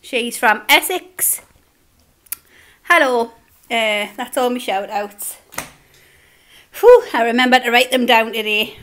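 A woman's voice: a little high, slow, pauses often, a bit bright. A young woman with a Geordie accent, chatting casually and laughing as she eats on camera. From Newcastle, England. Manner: chatty, laughs often, mouth full between bites. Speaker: eating-show vlogger. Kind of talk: casual chat while eating.

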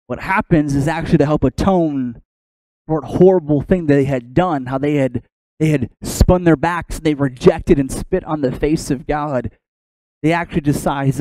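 Mellow male pastor telling a story. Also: medium pitch, moderate pace, no room sound, poor audio. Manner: animated storytelling. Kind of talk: sermon.

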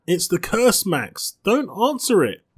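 A man doing a shrill, panicky bartender. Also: very animated, drawn-out words, sharp tone, husky, full character voice. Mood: panicked. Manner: shrill, frantic, sobbing pleas. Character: terrified panicky male bartender, young adult.

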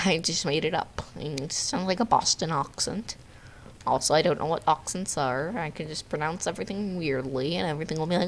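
A woman giving playful, jokey live commentary on her own gameplay, with quick outbursts at the game. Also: deep voice, expressive, pushed and bright, slight background noise. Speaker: gamer narrating her own video.

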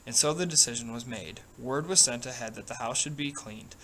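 A man reading a novel aloud at a steady, plain pace. His voice sits at a middle pitch, and he corrects small slips as he goes. A faint ambient hiss runs underneath. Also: brisk, poor audio. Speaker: reader.

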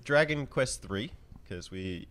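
A man's voice: mid-range voice, expressive, slow, a bit bright. Male podcast co-host, casual chat, reads listener questions, laughs a lot, jokey.

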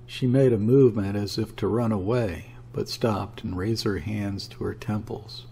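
Low gravelly male audiobook narrator. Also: fairly even intonation, normal speed, dark tone.

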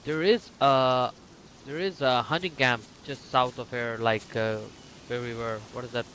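A man, playing along and calmly giving directions in casual game chat. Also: mid-range voice, a little slow. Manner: laid-back, giving directions. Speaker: fellow player. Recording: noisy background.

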